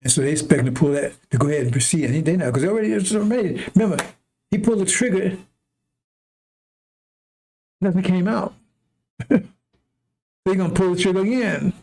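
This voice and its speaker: A man delivering an impassioned sermon with a delivery. His voice sits a little high for a man, and he repeats himself for emphasis and breaks into short laughs. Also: brisk, creaky, long pauses, darkish tone, slightly rough. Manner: repetitive, emphatic, chuckling asides. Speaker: preacher. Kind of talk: impassioned street-style sermon.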